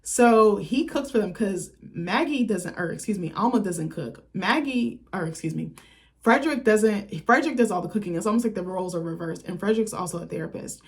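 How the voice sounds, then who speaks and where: A woman's voice: medium pitch, animated, fairly quick. A young woman recapping a film in a casual, chatty way, swearing freely and acting out lines from scenes. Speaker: film critic vlogger.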